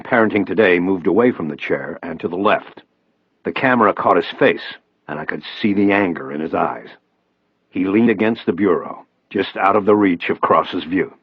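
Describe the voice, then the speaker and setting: A man narrating a crime audiobook in the first person, with expressive, steady storytelling. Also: low-pitched, husky, no echo, highs cut off.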